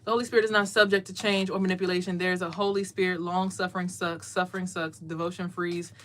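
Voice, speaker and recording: A woman's voice: lowish voice, flat delivery, quick pace. A woman hosting a casual livestream from a small closet, talking emphatically in a preachy way and often repeating her words. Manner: emphatic, preachy, repeats words, mimics others in loud bursts. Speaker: livestream host doing card readings.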